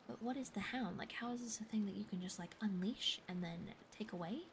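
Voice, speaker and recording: A young woman in whispered role-play, reading a novel aloud and chatting softly with her stream's viewers. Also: mid-range voice, a little fast, slight background noise. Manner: whispers the reading, chats with viewers in a soft voice between passages.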